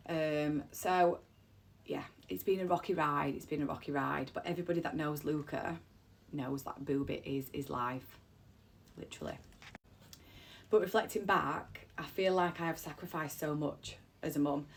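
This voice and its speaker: A woman's voice: low-pitched, fairly even intonation, moderate pace. A woman, an emotional mother of three telling a personal story, close to tears and repeating herself. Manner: heartfelt, rambling, repeats phrases. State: on the verge of tears.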